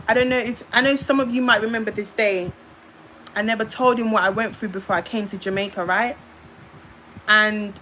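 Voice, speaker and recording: On a livestream from her phone, a young woman from the United Kingdom rambles through a personal story, looping back and fading into repeated filler noises. She speaks at an ordinary middle pitch in a pushed, bright voice. The recording is low quality, with a faint background hiss.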